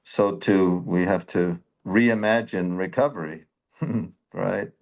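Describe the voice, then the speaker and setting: A man's voice: sits low, fairly even intonation, slow, creaky, darkish tone. A man hosting a reflective conversation, thoughtful and conversational, often searching for words. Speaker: podcast host.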